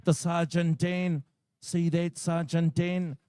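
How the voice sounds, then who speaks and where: Over the PA at a shearing competition, this New Zealand announcer keeps up jokey, chatty banter with the crowd during his live commentary. He speaks slowly, with a slightly high, level-toned, dark and smooth voice, captured in clean studio sound without echo.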